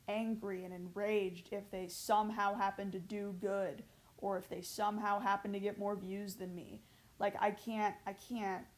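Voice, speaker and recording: A woman's voice: medium pitch, a little mellow. Emotional, self-critical woman vlogging. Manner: halting, with many pauses and restarts. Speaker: YouTuber. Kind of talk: confessional vlog.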